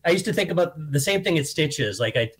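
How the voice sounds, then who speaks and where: A middle-aged man sits in as a podcast guest and tells anecdotes in an easy, conversational way. His voice is husky and sits a little higher than most men's. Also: brisk. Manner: relaxed, anecdotal storytelling. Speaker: guest comedian. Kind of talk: casual storytelling chat. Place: podcast studio.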